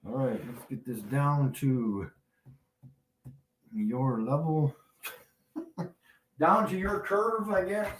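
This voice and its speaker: A man's voice: medium pitch, a little hiss or hum. A man hosting a live stream, taunting his chat in a mocking tone and laughing often. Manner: slow, drawn-out delivery with big swings in loudness. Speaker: livestream host.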